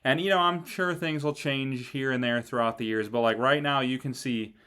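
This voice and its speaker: A man co-hosts a casual sports talk show, with a smooth, clear voice at a medium pitch. He talks in a relaxed, conversational way and uses "like" often. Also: moderate pace. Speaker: sports podcast co-host.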